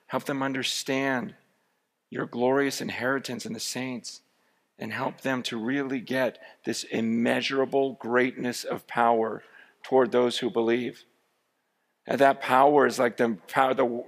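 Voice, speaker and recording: A man preaching a sermon, telling a story with lively energy that rises to shouts. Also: medium pitch. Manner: storytelling, animated, rising to shouts. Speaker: pastor.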